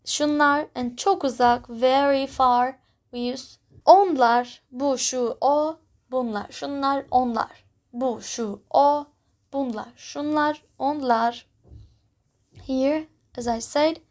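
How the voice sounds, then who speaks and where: Woman language teacher, high voice, very slow, repeats words carefully. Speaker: Turkish teacher. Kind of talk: online language lesson.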